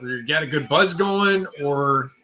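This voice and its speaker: A man's voice: on the high side, unhurried, bright, forceful tone. A man hosting a casual livestream chat, loose and profane, talking to viewers by name. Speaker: show host.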